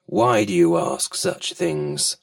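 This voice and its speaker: A man voicing a sly, scheming male crocodile in a storybook reading, speaking slowly and coaxingly. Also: wildly swooping pitch, creaky, no echo, studio quality, distant mic, full character voice. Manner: slow, deep and coaxing.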